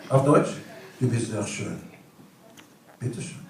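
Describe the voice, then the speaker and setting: Man in his 60s, conference speaker, joking and playful, loud emphatic bursts, booming echo, heard from across the room. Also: very animated, slow, pauses often, background noise. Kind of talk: humorous speech to an audience. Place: large hall with an audience. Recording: echoey hall from far off.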